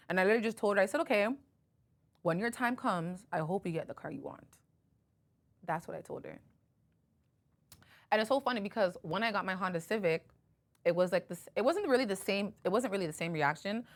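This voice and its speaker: A woman's voice: mid-range voice, animated, brisk, a bit bright. A woman hosting a podcast, telling a story in casual chat, full of "like" and acting out both sides of a phone conversation. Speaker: podcast host.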